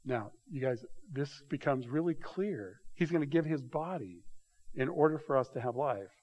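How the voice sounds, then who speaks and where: A man's voice: medium pitch, animated, moderate pace, a little mellow. A man preaching a sermon in a conversational way, reading scripture aloud and building emphasis on key lines. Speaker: pastor.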